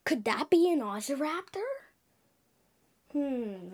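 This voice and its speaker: A high-pitched woman narrates a make-believe time-travel adventure about dinosaurs. Her voice leaps all over the place, and she talks slowly, dropping now and then into hushed whispers. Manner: animated, with sound effects and loud gasps. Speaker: host of a dinosaur show.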